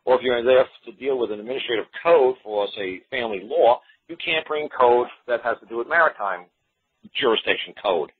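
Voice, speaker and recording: Speaking fast in a very husky, low voice, a man tells a story about court, acting out both sides of the exchange with animated back-and-forth. He keeps repeating himself and restarting phrases, and the thin, tinny audio sounds like a phone call relayed over radio.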